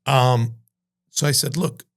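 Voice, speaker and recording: A man, a chef being interviewed, telling profane, animated stories and acting out the voices of other people. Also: medium pitch, slow. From Cuban-American from New Jersey. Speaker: chef and entrepreneur, podcast guest. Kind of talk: casual storytelling interview.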